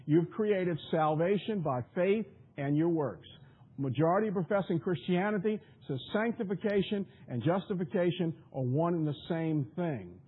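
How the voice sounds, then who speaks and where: A man with a high, husky voice preaching emphatically and firing off rhetorical questions at his listeners. The sound is thin and narrow, like a broadcast coming over a phone line. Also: expressive, moderate pace. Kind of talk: sermon.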